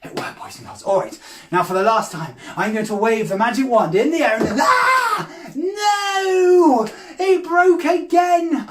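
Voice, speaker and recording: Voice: medium pitch, lively intonation, fast talker, distant mic. Kids' magician, big gasps and hammy surprise, off-mic in an echoey room with faint hiss. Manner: exaggerated gasps and cries of surprise; talks straight to children as boys and girls. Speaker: children's magician. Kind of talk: lively kids' magic show patter. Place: room at home during lockdown.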